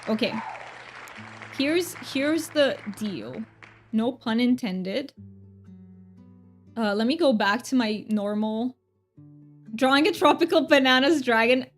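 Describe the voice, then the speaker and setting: A woman's voice: on the high side, lively intonation, takes it slowly, pauses often, soft background music. A woman streaming live, chatting casually with viewers, often giggling and thanking them by name. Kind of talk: casual livestream chat.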